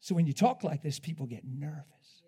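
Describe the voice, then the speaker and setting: A man preaching a sermon in an animated way, laughing often and swinging between loud, drawn-out lines and hushed ones. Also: on the high side, slightly rough.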